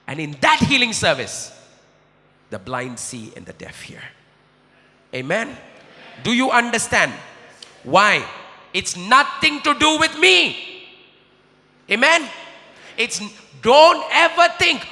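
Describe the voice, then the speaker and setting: A male preacher delivers an impassioned sermon in a high, very bright voice. He moves between murmured prayer and shouted emphasis. The sound carries a long reverb, as in a large hall. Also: big pitch swings, slow pace, long pauses.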